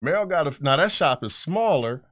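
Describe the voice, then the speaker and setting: A man's voice: on the high side, normal speed, no room sound. Middle-aged man, podcast co-host, profane storyteller, close dry mic. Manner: animated, profane, acts out voices in his stories. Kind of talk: casual storytelling chat.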